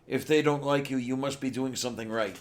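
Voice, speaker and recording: A man in a casual chat who reads verses aloud and muses on them slowly. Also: mid-range voice, fairly even intonation, a little hiss or hum. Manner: slow, musing, reads scripture aloud.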